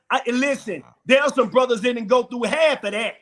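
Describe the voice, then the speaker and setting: A man hosting a men's round table, talking in an impassioned, preaching style that repeats phrases and rises to shouts. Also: extremely high pitch, a little fast.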